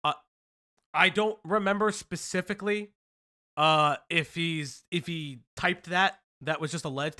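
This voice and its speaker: Guy hosting a drama stream, bright voice, swears a lot, keeps going off topic. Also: fairly high pitch, measured pace. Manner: casual, profane, goes off on tangents. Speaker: stream host. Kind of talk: livestream commentary.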